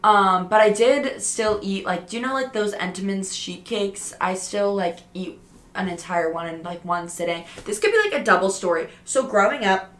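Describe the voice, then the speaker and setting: A woman's voice: mid-range voice, lively intonation, moderate pace, a bit bright, roomy sound. A young woman telling a story in a casual, chatty way, swearing often and filling her talk with "like". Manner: chatty, swears a lot, many "like" fillers. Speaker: podcast host.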